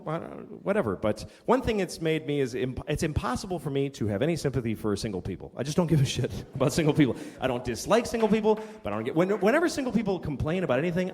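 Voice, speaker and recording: A man's voice: fairly high pitch, a little mellow. A middle-aged man doing a live stand-up routine on stage, ranting profanely and exasperated, dropping into mumbled asides. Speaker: stand-up comedian. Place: comedy stage before a live audience. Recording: reverberant live venue with audience noise.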